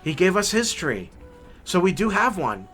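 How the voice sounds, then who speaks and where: A man's voice: high voice, very animated, normal speed, bright, forceful tone, faint music behind, pitched above the performer's own voice, exaggerated voice. A man voicing a flustered, apologetic father who stammers and pleads. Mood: grateful.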